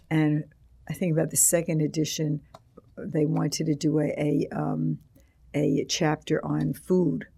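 A man's voice: on the high side, level tone, slow, vocal fry, dark tone, breathy edge. An older man, an author and teacher being interviewed, rambling through anecdotes with many restarts and acted-out quotes.

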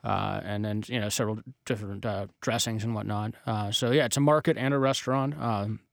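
A man's voice: on the low side, fairly even intonation, a little fast, vocal fry, no room sound, clean studio sound. A man reviewing restaurants on a radio panel, speaking hesitantly with many fillers. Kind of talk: casual radio panel chat.

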